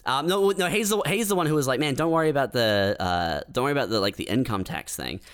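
A man in casual podcast chat, laid-back, rambling and halting with many fillers as he tells a story. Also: medium pitch, expressive, background noise.

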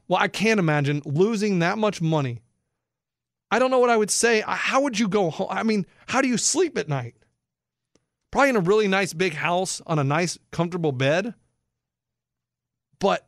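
Excitable high-voiced male sports host. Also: no room sound, studio quality. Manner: excitable, incredulous, explains for non-bettors. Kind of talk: animated sports talk monologue.

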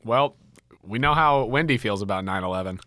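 Lively, bright-voiced podcast guy. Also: lowish voice, fairly quick, no echo, studio quality. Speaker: podcast co-host and game narrator. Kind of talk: casual banter with scripted narration.

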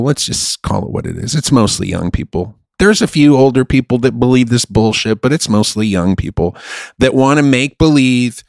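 A man's voice: mid-range voice, dry recording, clean studio sound. Profane, rambling man hosting a podcast. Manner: profane, emphatic and rambling, with a playful streak. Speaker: podcast host. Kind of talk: casual chat.

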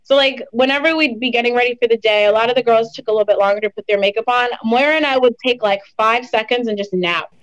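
Young woman, interview guest, casual chatty talk, higher voice, muffled lo-fi audio. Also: steady tone, quick pace, hardly any pauses, fairly bright tone. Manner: chatty, lots of "like" and "um" fillers. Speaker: interview guest, reality show contestant.

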